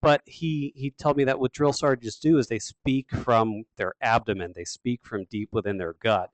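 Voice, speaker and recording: A man giving a sales training webinar, talking quickly and with emphatic energy. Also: mid-range voice, dry recording. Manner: fast, emphatic, energetic delivery. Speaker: sales coach.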